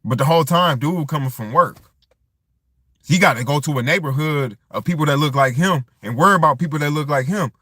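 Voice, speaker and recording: A man's voice: fairly high pitch, fairly quick, sharp tone, no room sound, studio quality. A man talking in a loose, rambling vlog monologue, circling back and restarting his thoughts as he goes. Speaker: vlogger. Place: tent.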